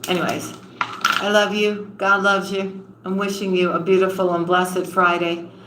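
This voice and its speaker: A woman reading tarot on a live stream and warmly greeting viewers, calling them honey and sweetheart. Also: on the low side, flat delivery, a little slow, background noise. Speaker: tarot reader. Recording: roomy echo with faint ambience.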